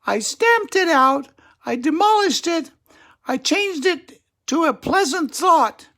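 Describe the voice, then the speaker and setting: An older man voicing a calm, peaceful female squirrel in a high sing-song voice for a storybook read-aloud. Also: takes it slowly, full character voice. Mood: serene.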